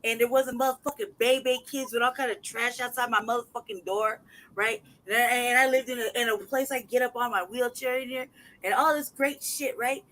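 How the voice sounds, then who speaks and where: A man's voice: extremely high pitch, steady tone, brisk, low-quality recording. A man venting in an angry, profanity-heavy rant as a podcast host. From United States. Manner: angry, profane, loud outbursts. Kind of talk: heated casual rant.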